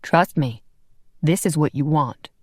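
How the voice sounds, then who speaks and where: Phil is a self-assured man who teases, with a deep, low voice, as a woman reads him in an audiobook. He is pitched low, and the recording is dry and close. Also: unhurried, a little mellow, slightly rough, no room sound. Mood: teasing. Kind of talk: audiobook character voice.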